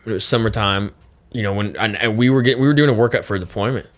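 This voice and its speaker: A man telling a story as a podcast guest, in casual chat. He swears a lot, rambles with fillers and restarts, and his pitch jumps up when he quotes his own angry words. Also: quick pace, fairly bright tone. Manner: profane, rambling retelling with many fillers and restarts; pitch jumps high when quoting himself in anger.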